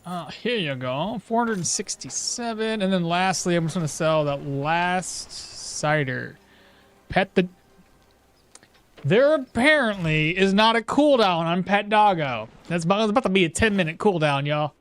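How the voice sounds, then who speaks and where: A game streamer chatting casually with viewers while playing, animated and talkative, breaking off to coo at a pet at home. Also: medium pitch, measured pace. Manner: animated, chatty, talks to chat and coos at a pet.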